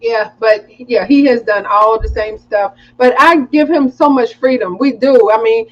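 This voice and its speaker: A woman in her forties co-hosting a casual livestream chat, telling family stories with animated flair. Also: on the high side, normal speed, muffled recording. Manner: animated storytelling, acts out her kids' voices. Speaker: co-host of a couples show. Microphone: webcam livestream.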